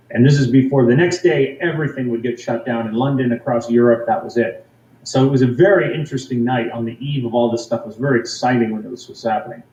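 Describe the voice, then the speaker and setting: A man from Canada, a guest telling a personal story in an excited, rambling way, full of fillers and restarts. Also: mid-range voice, echoey room, distant mic, highs cut off.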